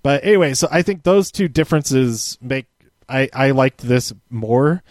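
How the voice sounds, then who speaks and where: A man's voice: mid-range voice, expressive, a little slow, a little mellow, dry recording. A man casually reviewing a wrestling episode from handwritten notes, rambling with many fillers and restarts.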